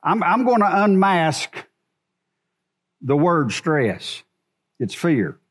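A man's voice: a little high, very animated, very slow. A man preaching a sermon to a congregation in a church, asking rhetorical questions as he goes. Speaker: pastor.

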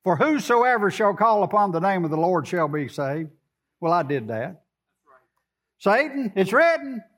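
High-voiced preacher. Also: male voice, moderate pace, a bit bright. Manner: conversational preaching, quoting scripture, coaxing the congregation. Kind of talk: sermon.

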